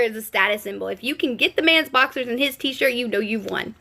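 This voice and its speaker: A young woman chatting live to her viewers in a gossipy, cheeky way. Her voice sits a little high, and she answers comments as she goes. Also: brisk, few pauses, sharp tone. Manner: cheeky, playful asides. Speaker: livestream host. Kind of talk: casual live-stream chat.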